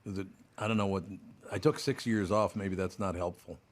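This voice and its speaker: Older Minnesotan male host, low voice, gruff casual banter. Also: steady tone, fairly quick, slight background noise. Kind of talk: casual chat.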